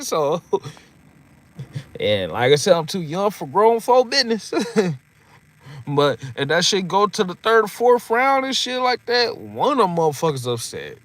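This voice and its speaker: A man's voice: sits high, a little slow. A man in his thirties telling old stories in a casual monologue, laughing often and swearing freely. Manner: animated, laughs often, swears freely, repeats "you know what I mean". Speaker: vlogger.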